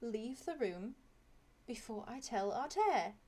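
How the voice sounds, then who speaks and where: A stern hoofed school nurse, put on by a woman running a tabletop game, with a voice pitched high and swooping. She scolds in clipped, indignant words. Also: very animated, slow, dark tone, full character voice. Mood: scolding.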